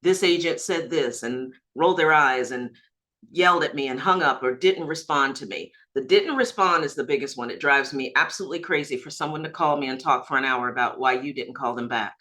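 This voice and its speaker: A woman broker leading a group training on a video call, emphatic and lively, laughing easily as she coaches agents. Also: very deep voice, fairly quick, poor audio.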